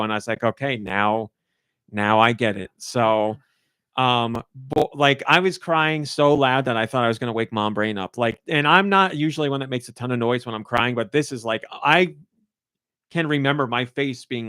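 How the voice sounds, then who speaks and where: A man talking casually on a podcast, medium-pitched and effusive, tripping over himself with "like" and false starts. His voice is dry and close, with no room sound. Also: moderate pace, fairly bright tone, dry recording. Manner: rambling and effusive, heavy use of "like". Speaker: podcast co-host and game reviewer.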